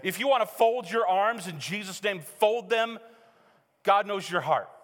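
Animated middle-aged pastor in a reverberant hall. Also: male voice, high-pitched, a little slow. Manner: animated, joking storyteller who acts out quotes. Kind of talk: sermon. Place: church sanctuary.

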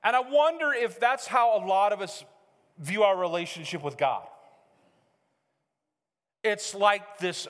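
High-voiced man preaching, middle-aged pastor, playful storyteller, long church reverb. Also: a little slow, pauses often. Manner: animated, joking storyteller who acts out quotes. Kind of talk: sermon. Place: church sanctuary. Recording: hall reverb.

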